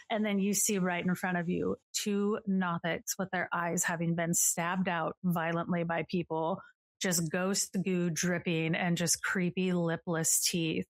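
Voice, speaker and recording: A woman's voice: on the low side, flat delivery, unhurried. A woman narrating as the game master of a tabletop game, in a casual storytelling manner with many fillers.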